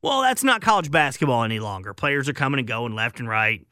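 A man's voice: mid-range voice, expressive, fairly quick, bright, forceful tone, dry recording. A male sports radio host giving opinionated, emphatic call-in talk into a studio microphone.

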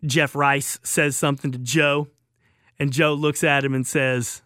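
Bright-voiced Southern radio host. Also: male voice, a little high, flat delivery, measured pace, no room sound, studio quality. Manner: rambling, chuckling anecdotes. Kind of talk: call-in radio storytelling.

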